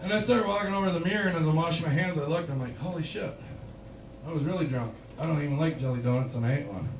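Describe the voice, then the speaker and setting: A man's voice: on the high side, rapid-fire. A man performing a crude, self-deprecating stand-up comedy set on a small club stage, recorded on a camcorder in the crowd. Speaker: stand-up comic. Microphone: handheld camera from the audience. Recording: roomy, far-off, noisy camcorder sound. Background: audience laughter.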